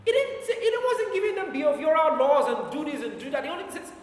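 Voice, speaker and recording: A man preaching a sermon, driving his points home and slowing down to dwell on scripture, with his volume rising and falling. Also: very high-pitched, big pitch swings. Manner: emphatic, slows down for scripture quotes, volume rises and falls. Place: church hall with long reverb. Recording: echoey church hall from far off.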